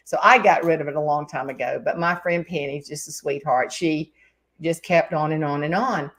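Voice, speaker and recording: A woman's voice: sits low, moderate pace. A woman hosting a casual video-call chat, telling a funny story and acting out the voices of the people in it. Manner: animated, acts out other people's voices in her stories. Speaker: host.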